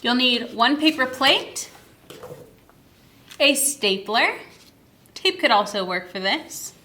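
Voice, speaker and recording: A young woman, a children's librarian, explains reading games to parents in a cheerful way, sounding out words slowly and clearly while she demonstrates at a table. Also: a little high, big pitch swings, bright, forceful tone, a little hiss or hum. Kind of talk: instructional video for parents. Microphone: camera mic.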